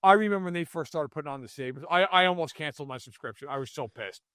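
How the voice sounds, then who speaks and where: Fast and pushed, this man's voice sits on the high side with a bright edge, captured dry and at studio quality. He's a New York state podcast co-host, mock-outraged over sports in a casual conversation.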